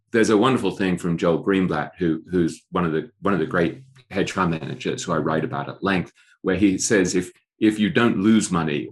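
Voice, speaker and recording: An English man being interviewed about his book on a podcast, speaking thoughtfully with frequent restarts and a self-deprecating touch. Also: deep voice. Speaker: author and guest.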